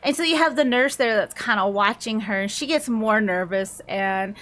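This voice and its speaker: A woman's voice: mid-range voice, normal speed, a bit bright. A woman reviewing a book, chatting casually and rambling through the plot with frequent laughs.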